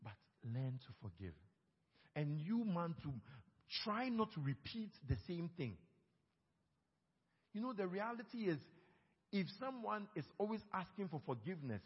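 Husky-voiced preacher in a big reverberant hall. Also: male voice, high-pitched. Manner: lively preaching, quoting couples in small put-on voices. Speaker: pastor. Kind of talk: sermon on marriage. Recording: dull sound with long hall reverb.

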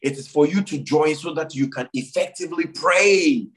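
Husky-voiced man leading church prayers. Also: on the high side, normal speed, a bit bright, rough recording. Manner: repeats phrases for emphasis, earnest exhortation. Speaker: pastor. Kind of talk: sermon and church announcements.

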